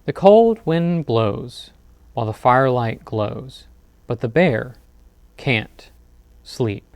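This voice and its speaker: A man reading picture books aloud as a librarian at a bedtime storytime, expressive with dramatic pauses. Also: mid-range voice, creaky, dry recording. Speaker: children's librarian.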